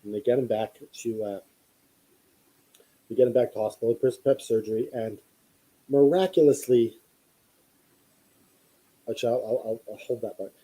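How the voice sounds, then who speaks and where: A man's voice: mid-range voice, moderate pace, long pauses, dark tone, breathy edge, low-quality recording. A man hosting a podcast, telling a long story in a casual, rambling way with many fillers and restarts. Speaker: podcast host.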